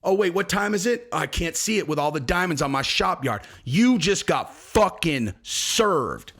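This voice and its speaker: A man's voice: a little high, expressive, a little slow, a bit bright, exaggerated voice. A man playing a drunk, cocky male fighter, talking profane trash in a swaggering way. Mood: boastful. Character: drunk, cocky male fighter boasting about his tweets.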